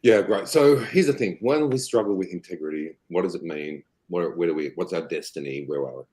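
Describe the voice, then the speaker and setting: A man with an Australian accent, a guest on a casual podcast interview, rambling and animated as he tells stories. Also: low-pitched, brisk, rough recording. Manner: animated, rambling, quotes others in acted voices. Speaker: association chief guest.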